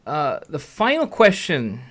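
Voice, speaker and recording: Male host, earnest talker who reads listener mail, bright and slightly high voice. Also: wildly swooping pitch. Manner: earnest, halting with restarts and fillers. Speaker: podcast host. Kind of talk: casual chat and reading listener questions.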